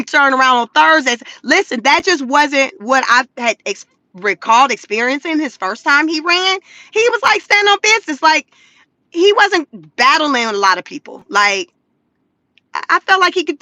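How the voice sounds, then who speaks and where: Woman host, casual live-stream commentary; high, bright and animated, dry close sound. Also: no echo. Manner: animated, laughs often, acts out quotes in mocking voices. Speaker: livestream host.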